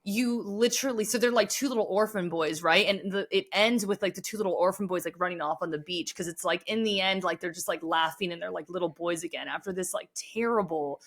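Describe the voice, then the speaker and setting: This woman's fairly low voice moves a little fast, with hardly any pauses. As a podcast guest in casual conversation, she's earnest, sensitive, and fills her sentences with "like."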